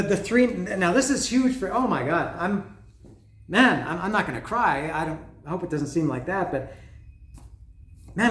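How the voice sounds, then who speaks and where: A man casually talking through an unboxing of records, rambling and excitable, swearing freely and restarting his sentences. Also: high-pitched, roomy sound, a little hiss or hum. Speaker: vinyl record vlogger. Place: lives in Mexico.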